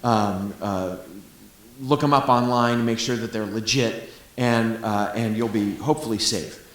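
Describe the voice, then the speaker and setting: A middle-aged astronomer gives a public lecture in a library lecture room, talking with chatty enthusiasm and sprinkling in humorous asides. His voice is lowish and steady, a bit slow, with a roomy sound.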